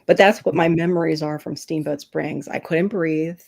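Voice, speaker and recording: A middle-aged woman from Florida hosting a casual chat, telling animated stories and laughing often. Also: sits low, moderate pace, gravelly, few pauses. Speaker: livestream host.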